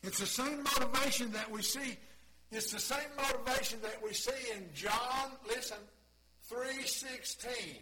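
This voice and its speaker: A man preaching a sermon, impassioned, moving between quiet asides and loud exclamations. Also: high-pitched, normal speed, very noisy. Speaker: pastor.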